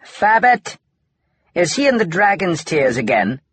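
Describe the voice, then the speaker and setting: A brash, excitable smuggler captain who shouts up high and swings wildly in pitch, as a male narrator puts him on. The husky voice sits dry and close. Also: a little slow, dry recording, exaggerated voice.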